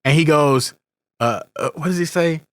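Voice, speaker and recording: Rambling podcast host, higher-voiced man. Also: normal speed, a bit bright, no room sound. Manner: rambling, many restarts and tangents. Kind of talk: casual conversational podcast chat.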